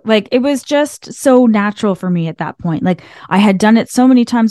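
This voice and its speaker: A chatty woman hosts a podcast, delivering a casual motivational monologue from behind a desk in a small room, laughing often and saying "like" a lot. Her mid-range, darkish voice moves a little fast with few pauses, recorded dry and close on a desk microphone.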